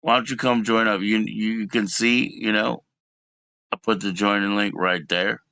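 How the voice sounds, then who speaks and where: A man's voice: fairly low pitch, steady tone, normal speed, bright, forceful tone, clean tone, dry recording. Teasing, chatty man live-streaming. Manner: teasing, chatty, inviting viewers to join. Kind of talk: casual live-stream chat.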